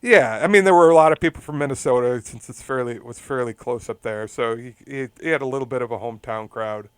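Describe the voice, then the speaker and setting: This podcast co-host is a fast-talking man with a smooth, clear mid-range voice who wanders through a long story and laughs throughout the casual chat. The recording is close and dry, with no room sound or echo.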